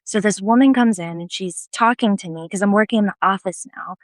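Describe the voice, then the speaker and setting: A woman telling a personal story in a casual live video, animated and self-deprecating, often laughing. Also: mid-range voice, a little fast, dry recording. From United States.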